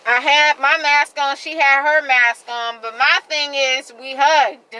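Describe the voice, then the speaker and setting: A woman vlogger venting to her viewers in a heated, rambling rant, repeating herself and filling every pause with "like.". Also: high-pitched, steady tone, sharp tone, poor audio. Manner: heated, repetitive rant full of "like". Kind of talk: venting monologue to camera.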